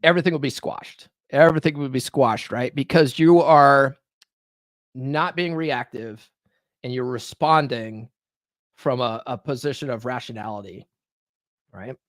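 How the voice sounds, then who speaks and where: A man's voice: mid-range voice, measured pace, no echo, clean studio sound. A man hosting a podcast live stream, talking loosely and tagging his points with "right?". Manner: loose, repetitive, peppered with "right?". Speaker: podcast host. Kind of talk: casual live-stream monologue. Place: home with dogs nearby.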